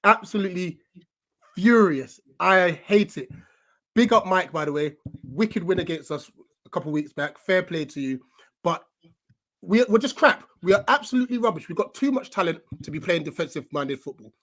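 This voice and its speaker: Exasperated fan ranting. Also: male voice, high-pitched, expressive, moderate pace, a bit bright. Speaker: guest fan pundit. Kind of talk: live football fan panel chat. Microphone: home video call.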